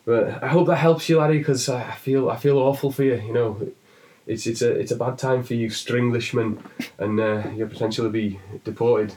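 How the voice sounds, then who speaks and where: A man's voice: mid-range voice, fairly even intonation, normal speed, dark tone, distant mic, natural voice. A man voicing a jolly, kindly Irish man in a pub, with a put-on Irish accent that drifts toward Welsh.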